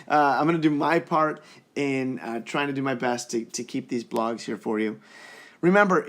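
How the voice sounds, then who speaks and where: A man's voice: mid-range voice, creaky, a bit bright. A young man talking earnestly and reassuringly to the camera in a casual parenting vlog. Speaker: parenting vlogger.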